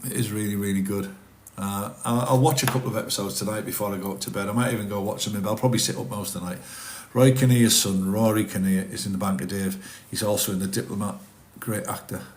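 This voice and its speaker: A little hiss or hum sits under this fast-talking middle-aged man's lowish, steady voice. Hosting a livestream, he reads the chat and rambles casually as he answers viewers.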